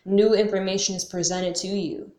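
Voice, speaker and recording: A young woman talks straight to camera in a loose, slangy way, tossing out question after question and cursing now and then. Her pitch sits in the middle range. The room around her adds a noticeable echo. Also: fairly even intonation, moderate pace, mellow. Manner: casual and slangy, questioning, with frequent "like" and some cursing. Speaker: vlogger. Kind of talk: casual talk to camera. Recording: roomy echo.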